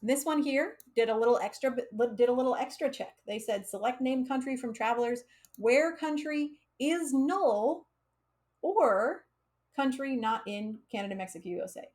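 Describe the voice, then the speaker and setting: A woman's voice: sits high, moderate pace, a little mellow. Chatty American woman teaching code. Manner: chatty, laughs often, uses fillers like um and like. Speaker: coding instructor streaming live. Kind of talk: casual live coding lesson.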